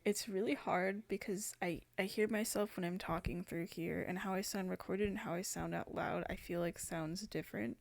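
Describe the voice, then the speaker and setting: A woman's voice: fairly low pitch, steady tone, moderate pace, vocal fry, hardly any pauses. A young woman hosting a gaming channel, chatting casually over gameplay, rambling with many fillers and restarts.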